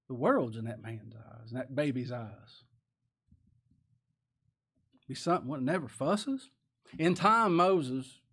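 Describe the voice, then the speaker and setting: A man preaching a sermon in a folksy style, with rhetorical tag questions, swinging from loud to hushed. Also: mid-range voice. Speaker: pastor.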